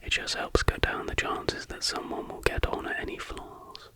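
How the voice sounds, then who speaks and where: A man, an ASMR host, whispering an urban legend slowly and deliberately, like step-by-step instructions. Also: pushed and bright.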